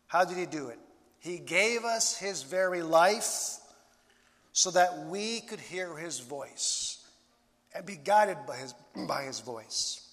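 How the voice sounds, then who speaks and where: A man delivers a sermon in an unhurried, deliberate way, leaning on long pauses. His voice sits a little high for a man. The sound carries a long reverb, as if recorded in a large hall. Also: fairly bright tone. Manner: slow, deliberate preaching with dramatic pauses. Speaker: pastor.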